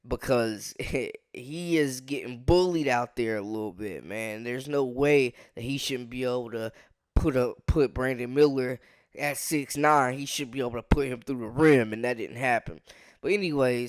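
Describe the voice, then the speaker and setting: A man hosting his own channel, talking through sports news in a casual, animated way, with lots of filler phrases. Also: medium pitch, clean tone, dry recording, studio quality. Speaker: sports commentary host. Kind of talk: casual video commentary.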